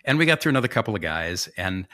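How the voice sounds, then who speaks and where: A man's voice: lowish voice, fast. A man co-hosting a podcast, telling a story in casual chat, acting out what others said with joking asides. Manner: animated, acts out quoted voices, joking asides. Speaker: podcast co-host.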